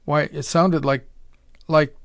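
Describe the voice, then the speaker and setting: A tense crewman, as a male narrator puts him on, speaking sharply in a hushed voice. The sound is dry and close. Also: on the high side, level tone, takes it slowly, gravelly, no room sound.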